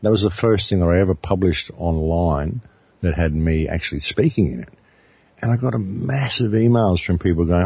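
A man in his fifties with an Australian accent, talking earnestly as an interview guest, often pausing and repeating words as he thinks. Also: sits low, creaky, darkish tone, slightly rough, no room sound. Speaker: interview guest, documentary maker. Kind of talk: reflective interview talk.

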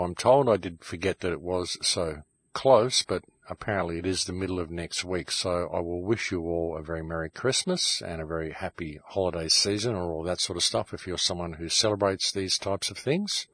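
Male show host, deep husky voice, dry close sound, fired-up rant addressed to "folks". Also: normal speed, a bit bright, no echo. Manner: ranting, keeps calling listeners "folks". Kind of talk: impassioned monologue. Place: home shed.

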